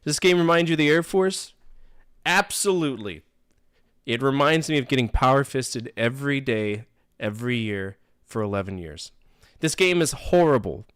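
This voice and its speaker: A man's voice: mid-range voice, animated, moderate pace, a bit bright, clear, resonant tone, no echo, clean studio sound. A man in his thirties streaming a game live, joking, complaining sarcastically and chatting with viewers. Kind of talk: live gameplay commentary. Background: faint game music.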